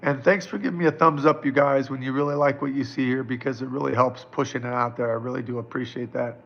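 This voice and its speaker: Gravelly-voiced psychic in his fifties. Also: medium pitch, steady tone, fast talker, dull audio. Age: 50s. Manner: casual, reassuring, chatty with many fillers. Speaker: psychic answering viewer questions. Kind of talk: live-stream Q&A.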